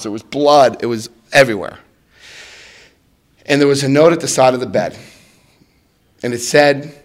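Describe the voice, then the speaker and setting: A man in his fifties telling a personal recovery story to an audience, acting out quotes with sudden jumps in pitch and loudness. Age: 50s. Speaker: recovery speaker.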